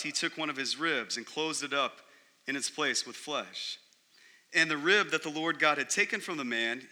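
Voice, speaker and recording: Bright-voiced male pastor preaching. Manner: conversational, emphatic, drops low and quiet for stress. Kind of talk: sermon.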